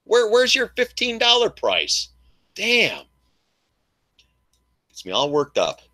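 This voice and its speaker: An older man hosting a casual live trading stream, talking in an animated, mocking way and laughing often. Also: high voice, takes it slowly. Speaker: live stream host, trader.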